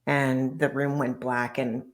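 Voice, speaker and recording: Low-voiced woman recounting her past. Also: flat delivery. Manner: earnest, measured recounting of painful memories. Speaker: guest author. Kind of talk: personal storytelling interview.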